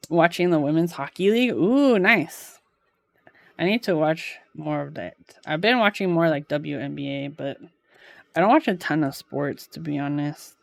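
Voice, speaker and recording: A woman's voice: low voice, gravelly, no room sound. A woman live streamer at home, chatting casually with her viewers, with lots of filler "like" and easy laughter. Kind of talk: casual chat while reading live chat.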